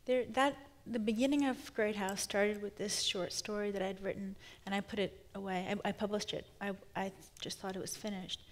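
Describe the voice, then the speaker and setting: The thirty-something novelist talks at a normal speed with hardly any pauses, her mid-range voice holding a steady tone. It's a live onstage conversation, and she sounds searching and reflective, repeatedly beginning her sentences anew.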